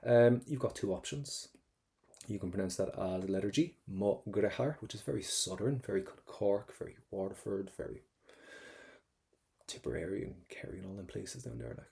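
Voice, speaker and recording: An Irish man with a gravelly, warm voice leads an exam-prep lesson. He talks chattily, drills pronunciation over and over and throws in jokes. His voice sits a little low. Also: normal speed. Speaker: Irish language tutor.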